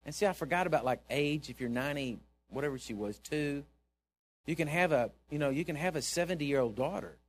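Preacher, slightly high voice, lively storyteller, quiet asides then loud pleas, church sermon. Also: male voice, a little fast. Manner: animated storyteller, swings from hushed asides to loud exhortation. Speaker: pastor.

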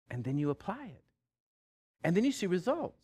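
A man preaching with a slightly high voice. His delivery is animated, leaping up and dropping low in pitch, and he stammers through repeated words and chuckles as he goes. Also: a little slow, husky. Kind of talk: sermon.

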